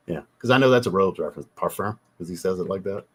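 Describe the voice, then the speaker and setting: A man's voice: low-pitched, fast talker, husky. A man hosting a casual livestream, reading out viewer chat and answering in a teasing, blunt way with casual swearing.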